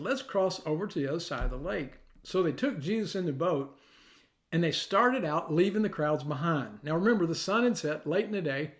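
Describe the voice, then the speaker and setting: A middle-aged male pastor preaching in a fairly high voice. He tells a story and acts out quotes, and at times his voice drops to a soft, near whisper. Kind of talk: sermon.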